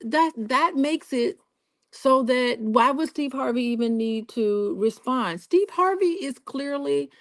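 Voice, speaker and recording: A woman's voice: a little high, no room sound, clean studio sound. A woman from Alabama co-hosting, giving frank, opinionated casual commentary. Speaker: co-host.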